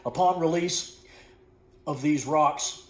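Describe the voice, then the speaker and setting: A man reads his own storybook in a folksy, unhurried voice that sits a bit high for a man. He stumbles now and then and corrects himself. The recording carries a noticeable room echo. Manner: folksy, unhurried, with small slips corrected as he goes. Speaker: author reading his own book. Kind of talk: storybook narration. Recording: echoey room.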